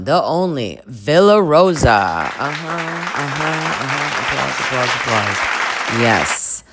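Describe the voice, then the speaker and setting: A woman in her forties giving campy, sarcastic commentary on a reality show. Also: extremely low pitch. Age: 40s. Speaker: reaction channel host.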